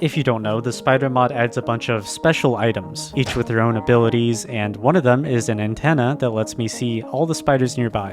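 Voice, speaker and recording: A man narrating his own gameplay in a wry, casual way, breaking into jumpy, excitable reactions. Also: medium pitch. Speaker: gaming video creator. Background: background game music.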